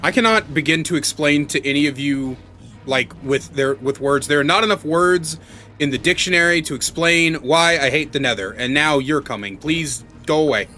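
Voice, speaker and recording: While playing the block-building game, the Minecraft let's-play host keeps up loose, rambling commentary, at times yelping and pleading in a panic. His voice is fairly high, bright and forceful, at normal speed.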